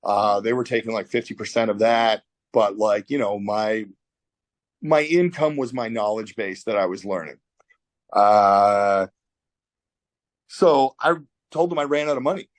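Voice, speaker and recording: A man's voice: fairly low pitch, a little slow, long pauses. A man telling a story as an interview guest in a candid, profane way with lots of fillers. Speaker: tattoo artist guest. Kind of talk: casual storytelling.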